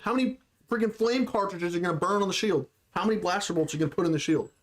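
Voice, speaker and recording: A young woman co-hosting a casual livestream podcast, ranting in an animated, exasperated way. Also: lowish voice, very fast. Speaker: podcast co-host.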